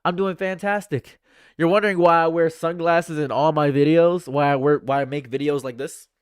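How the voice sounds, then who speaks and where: A man on a livestream, ranting in a sarcastic, repetitive way. His voice sits a little high. The sound is dry and close on a USB condenser mic at home. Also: fairly even intonation, normal speed, clean tone, dry recording. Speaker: streamer. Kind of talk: livestream commentary. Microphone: condenser USB microphone.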